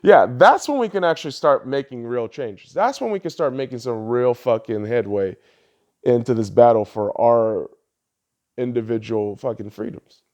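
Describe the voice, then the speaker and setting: A man hosting a podcast, ranting heatedly and swearing often, his voice lurching between loud outbursts and low mutters. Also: animated, normal speed. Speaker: podcast host. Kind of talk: ranting political commentary.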